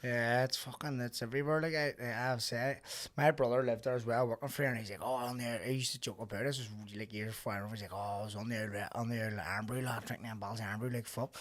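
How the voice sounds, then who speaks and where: A man with a Belfast accent hosting a podcast, telling animated stories with plenty of swearing and acted-out quotes. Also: mid-range voice, fast talker, few pauses. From Northern Ireland. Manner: animated storyteller, swears freely, acts out quoted voices. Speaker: podcast host. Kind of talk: casual chat.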